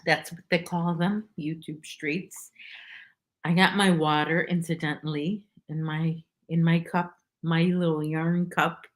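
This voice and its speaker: Deep-voiced and flat in delivery, a woman runs a casual at-home crochet livestream at a measured pace, wandering through chat and reading out her viewers' names.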